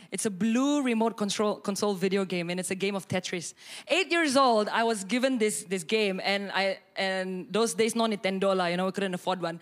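A woman pastor, preaching and telling a personal story with animated, expressive delivery. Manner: animated storytelling, acts out quotes with sudden high bursts and laughter.

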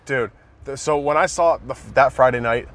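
A man in casual conversation about movies, retelling scenes excitedly and swearing often, recorded in a car. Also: medium pitch, normal speed.

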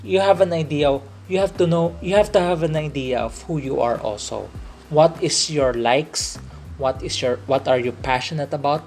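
A man's voice: a little high, moderate pace, darkish tone, soft background music. A man from the Philippines with a Filipino English accent, hosting a faith-based podcast in an earnest way, often repeating and restating his phrases. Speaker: podcast host.

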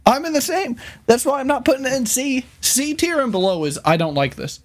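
A young man co-hosting a casual podcast, jumping in with quick, teasing remarks. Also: very high-pitched, animated. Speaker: podcast co-host. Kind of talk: casual chat.

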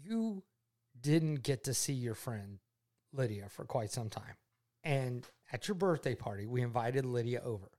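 A man's voice: mid-range voice, expressive, a little slow. Earnest father sharing his faith. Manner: earnest and heartfelt, repeats himself, drops soft when moved. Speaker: father talking with his daughter. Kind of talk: personal faith testimony.

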